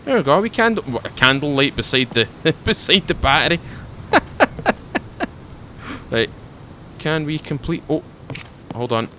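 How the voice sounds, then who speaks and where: A man's voice: on the high side, expressive, normal speed, long pauses, pushed and bright, slight background noise. A man with a Scottish accent giving casual, rambling commentary to his viewers while playing a game, often repeating and restarting his phrases. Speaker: gaming YouTuber.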